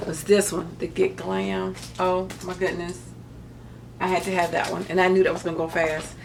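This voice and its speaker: A crafting vlogger chats through her craft paper haul in a casual show-and-tell, wandering off on joking tangents. She's a middle-aged woman whose voice is lowish and creaky, with slight background noise present.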